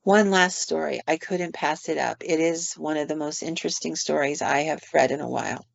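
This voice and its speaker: Her voice sits low, with vocal fry and a slightly quick pace, as this podcast co-host casually retells ghost tales. She uses fillers and quoted asides, and the dry recording comes across muffled, dull, and lo-fi.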